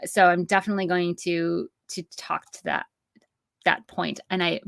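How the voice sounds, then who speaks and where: A woman's voice: fairly low pitch, little pitch movement, moderate pace, gravelly, a bit bright, dry recording, clean studio sound. A woman in her thirties hosting an online course, teaching in a chatty, upbeat way with many asides and fillers. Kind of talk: live-streamed teaching with Q&A.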